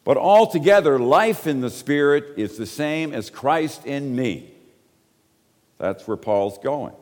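Animated man preaching in a reverberant hall. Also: medium pitch, slow. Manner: animated, emphatic, conversational asides. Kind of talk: sermon teaching.

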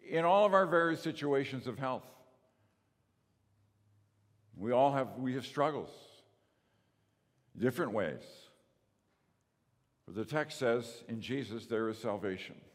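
A man preaching a sermon, emphatic, asking rhetorical questions and swinging from loud to soft. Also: mid-range voice, animated, measured pace, long pauses. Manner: emphatic, rises and drops in volume, rhetorical questions. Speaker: pastor. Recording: long reverb of a large hall.

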